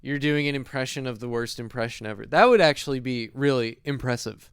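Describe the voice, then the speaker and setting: Teasing man with a clear, dry voice. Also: medium pitch, fairly quick, fairly bright tone, dry recording. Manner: teasing, laughs often, crude jokes. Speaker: podcast co-host. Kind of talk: casual comedic banter.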